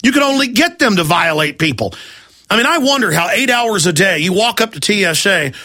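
This talk radio host has a high-pitched, sharp, very animated voice as he rants angrily. His heated delivery is packed with rapid-fire rhetorical questions.

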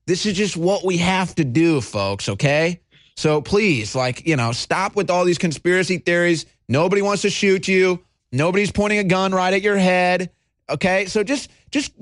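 A man's voice: lively intonation, normal speed, a bit bright, dry recording, studio quality. A man voicing a condescending male bully who talks with mob-boss menace, repeating himself in a patronizing way. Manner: repetitive, patronizing, swooping pitch.

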